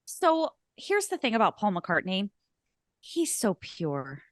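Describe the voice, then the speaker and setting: A woman's voice: medium pitch, huge pitch swings, slow pace, no room sound, clean studio sound. A woman co-hosting a podcast, chatting casually and rambling with frequent laughs. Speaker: podcast co-host. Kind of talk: casual chat.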